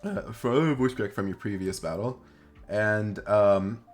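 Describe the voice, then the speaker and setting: A man's voice: fairly low pitch, a little slow, faint music behind. A young man narrating a tabletop game as game master, rambling with many fillers.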